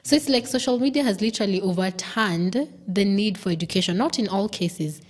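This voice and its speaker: A woman hosting a live TV and radio talk show from a studio, talking in a conversational way with quick affirming replies. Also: mid-range voice.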